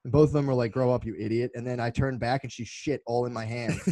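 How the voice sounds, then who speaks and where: Fast-talking man rambling through stories. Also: mid-range voice, fairly even intonation, mellow, no echo. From United States. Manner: rambling, profane storytelling. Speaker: podcast co-host. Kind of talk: casual chat.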